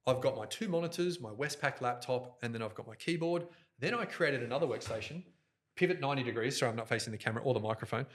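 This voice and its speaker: Energetic man, bright voice. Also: medium pitch. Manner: energetic, fast, jokey, talks with his hands toward the mic. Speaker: guest, event host and MC. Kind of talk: animated interview storytelling. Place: podcast studio. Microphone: directional studio microphone.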